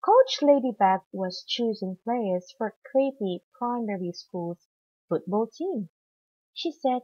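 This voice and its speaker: Brief: expressive woman storyteller for kids, unhurried, close dry dull sound. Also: a little high, breathy edge, dry recording. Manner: animated, expressive. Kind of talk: children's picture book read-aloud.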